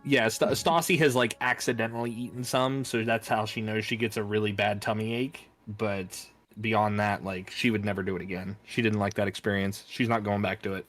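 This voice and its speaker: A man's voice: on the low side, fairly even intonation, a little fast, hardly any pauses, a bit bright. A man playing a tabletop game, casually describing his character's actions with many "like"s. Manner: casual, lots of "like". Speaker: player.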